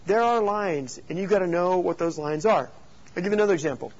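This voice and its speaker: A man, a youth pastor, teaching youth leaders through animated, joking stories and rhetorical questions. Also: high-pitched, a little fast, dull audio.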